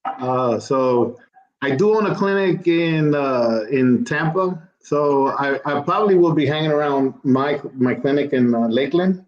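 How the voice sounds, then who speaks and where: An older man, a physician and guest, chatting casually and telling an animated anecdote in which he acts out other people's voices. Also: on the high side, unhurried. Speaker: physician and cigar company founder, guest. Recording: echoey, dull-sounding room.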